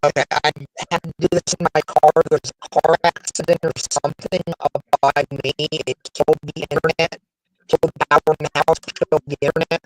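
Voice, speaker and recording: A man's voice: a little high, level tone, fairly quick, soft background music, low-quality recording. A man co-host calling in from his car, speaking matter-of-factly over a choppy, robotic-sounding connection. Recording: choppy robotic call audio.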